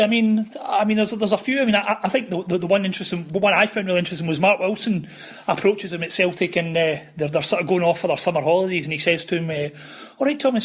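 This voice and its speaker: A man speaks as a podcast guest, quick and fairly high-pitched, piling up restarts and asides as he tells stories. His voice carries a husky edge. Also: a bit bright. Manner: rambling, with many restarts and "you know". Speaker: author guest. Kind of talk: casual podcast interview, storytelling.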